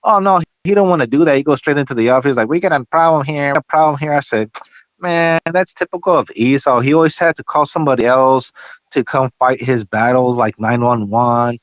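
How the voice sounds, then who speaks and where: A man spins a casual story in a middle-pitched voice, swearing freely and acting out each exchange he quotes. The sound is dry and close, with no room echo. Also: brisk, dull audio. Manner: profane, animated, acts out quoted dialogue.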